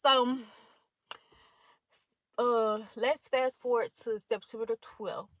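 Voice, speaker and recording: She speaks slowly in a slightly high voice, and there's no echo. This young adult college student is a storytime vlogger reading out text exchanges between others, with a blunt, profane, animated delivery.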